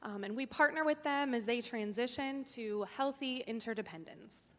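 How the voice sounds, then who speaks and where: Matter-of-fact woman, fairly high voice, in a large hall. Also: moderate pace, fairly bright tone. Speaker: guest, nonprofit founder. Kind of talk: explaining to a congregation. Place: church sanctuary. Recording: long reverb in a large room.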